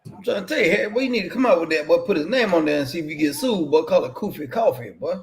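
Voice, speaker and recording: A man's voice: fairly high pitch, animated. A man co-hosting a wrestling watch-along livestream, joking casually and tagging lines with "boy" and "man". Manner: joking, drawn-out slang, repeated "boy" and "man".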